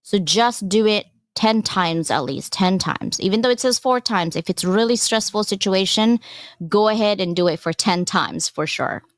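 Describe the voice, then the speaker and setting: A woman's voice: medium pitch, expressive, moderate pace, dry recording, clean studio sound. A woman giving a casual live presentation as a workshop presenter, chatty and encouraging, with frequent digressions.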